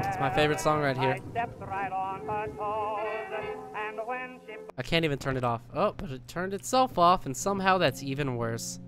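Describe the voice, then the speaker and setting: A man's voice: high-pitched, expressive, normal speed, pauses often. A young man giving casual let's-play commentary on a horror game, profane, jokey and mock-tough. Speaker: gaming video host. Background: faint game piano music.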